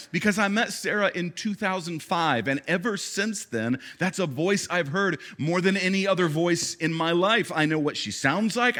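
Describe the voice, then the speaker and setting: A man in his thirties, a pastor preaching a sermon in a conversational way, with halting restarts and acted-out quotes. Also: sits high, fairly bright tone.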